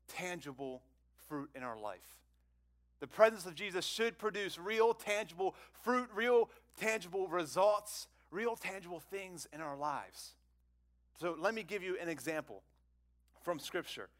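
A man preaching a sermon to a congregation, conversational and repetitive, asking them questions and swinging between loud exclamations and hushed phrases. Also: high voice. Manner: conversational, repeats words, asks the congregation questions. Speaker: pastor.

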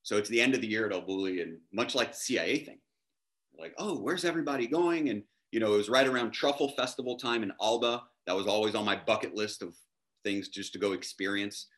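A man's voice: on the low side, fast talker. A man, a chef guest, telling a story in casual chat and acting out the voices of the people in it. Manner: animated, acts out dialogue in his anecdotes.

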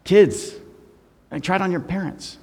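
A middle-aged man, a guest pastor, preaching a sermon with humor, moving between hushed and loud. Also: high-pitched, measured pace, long reverb tail. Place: church sanctuary.

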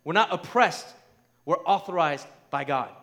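A man with a high voice preaches a sermon. He talks conversationally, often checking in with his listeners, and drives his points home with rising, emphatic force. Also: expressive, measured pace. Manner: emphatic, rising to near shouts; conversational, asks the crowd "right?".

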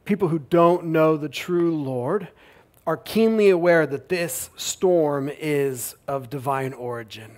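A man preaching a sermon, retelling a Bible story with lively emphasis and quiet asides. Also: a little high. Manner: animated storytelling, swings between loud emphasis and quiet asides. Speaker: pastor.

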